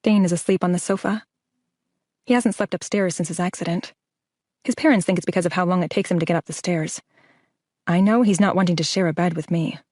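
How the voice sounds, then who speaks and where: A woman's voice: lowish voice, a little fast, darkish tone, no echo. A woman reading a first-person romance audiobook in an intimate, emotive way, close to the mic. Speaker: audiobook narrator. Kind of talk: scripted first-person narration.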